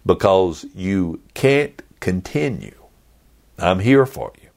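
A man preaching a sermon as a pastor, earnest and deliberate, repeating his phrases. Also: low-pitched, animated, vocal fry, darkish tone. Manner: earnest, repetitive, deliberate pauses.

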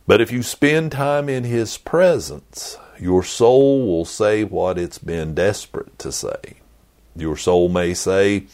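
A man preaching a sermon as a pastor, earnest and deliberate, repeating his phrases. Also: on the low side. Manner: earnest, repetitive, deliberate pauses.

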